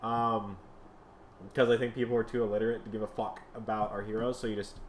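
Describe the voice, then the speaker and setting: A man's voice: on the low side, little pitch movement, fairly quick, slight background noise. Profane joking man reading his script. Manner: profane, jokey, breaks into laughter, acts out many voices. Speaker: podcast host reading his comic script. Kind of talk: comic reading with asides.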